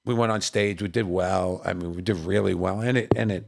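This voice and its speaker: A man's voice: low-pitched, fairly quick, creaky. A man, a comedian guest in a podcast studio, telling stories, acting out the voices in them and often adding "you know what I mean". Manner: animated, acts out the voices in his stories. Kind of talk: storytelling anecdotes in an interview.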